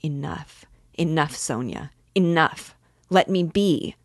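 A woman's voice: sits low, unhurried, vocal fry, no echo, clean studio sound, full character voice. A woman voicing a tormented young male murderer in a storybook reading, speaking with anguished bitterness.

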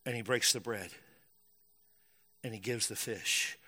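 A man preaching a sermon, telling the story with lively acted-out quotes and jokes to the crowd. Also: mid-range voice, moderate pace, pauses often. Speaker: pastor. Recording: long hall reverb.

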